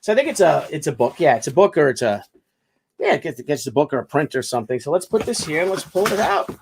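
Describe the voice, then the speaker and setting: A man talking casually to camera in an unboxing video, halting and effusive, with many restarts and fillers. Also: fairly high pitch, big pitch swings, vocal fry, slight background noise. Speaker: vlogger unboxing a gift. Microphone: camera mic.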